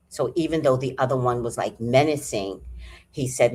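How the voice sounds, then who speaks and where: A woman vlogger telling a story in a casual, animated and profane way, sighing and clearing her throat often. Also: extremely low pitch, moderate pace.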